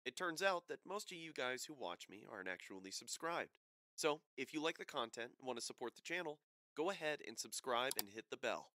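A man's voice: mid-range voice, lively intonation, brisk, bright, forceful tone, no room sound. A man speaking directly to viewers in a friendly plug for the channel. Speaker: channel narrator. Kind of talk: subscribe request.

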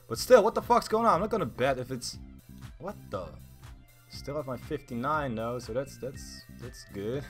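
A man giving casual, excitable commentary while betting on a game, swearing often and swinging from mumbles to yelling. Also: mid-range voice. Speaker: gaming YouTuber.

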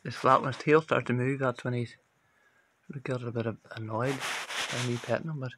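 An Irish man vlogging at home in a gentle, unhurried, chatty way, recorded on a handheld phone. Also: medium pitch, fairly even intonation, noisy background. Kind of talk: casual talk to camera. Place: home bedroom.

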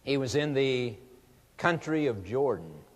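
A man's voice: medium pitch, sing-song, unhurried, in a large hall. A man preaching an evangelistic sermon, pleading earnestly and rising to fervent emphasis.

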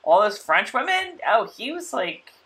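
A woman's voice: mid-range voice, very animated, measured pace, fairly bright tone. A woman co-hosting a casual show recap, chatty and full of "like" and laughter. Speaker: podcast co-host.

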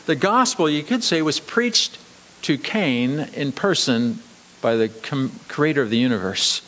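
Emphatic preaching man in a reverberant church. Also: fairly bright tone. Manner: dramatic, emphatic preaching with sudden drops to slow, low emphasis. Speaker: pastor. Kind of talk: sermon. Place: church sanctuary.

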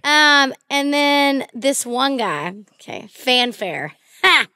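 A young woman with a fairly high, lively voice tells her stories in casual podcast chat. She is animated, swears freely and acts out the people she quotes in sudden bursts. The sound is dry and close to the mic. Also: takes it slowly, no echo. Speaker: country singer, guest. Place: podcast studio.

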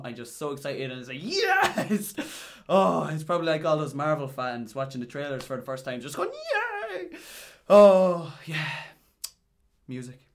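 An Irish man, a music teacher, chatting casually in a reaction video, getting excited and breaking into high exclamations. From Ireland. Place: home recording room. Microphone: headphones with a desk mic.

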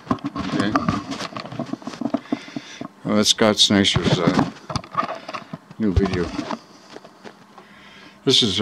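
A man's voice: fairly low pitch, noisy background. A man ranting in a rambling casual vlog, swearing freely and heated, often tagging his points with "right?", filmed on a handheld phone. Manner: profane and heated, keeps asking "right?". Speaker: vlogger.

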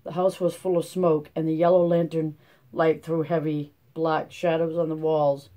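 Steady, mellow narrator for classic-novel audiobooks. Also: mid-range voice. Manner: steady, measured reading. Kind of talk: scripted narration.

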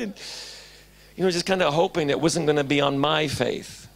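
Gravelly, high-voiced animated preacher. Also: male voice, normal speed. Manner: animated storytelling, swinging between loud and hushed. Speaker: pastor. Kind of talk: sermon. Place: church.

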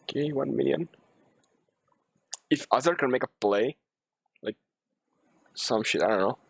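A young man streaming a game live, talking to himself and yelling and swearing in sudden bursts at his teammates. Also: medium pitch, a little slow, gravelly, breathy edge, no echo. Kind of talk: live gameplay commentary.

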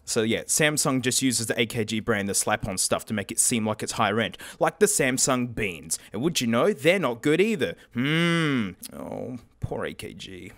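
An Australian man reviewing in-ear monitors in a casual, jokey vlog, full of slang and sudden swings in pitch. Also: a bit bright. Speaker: tech reviewer.

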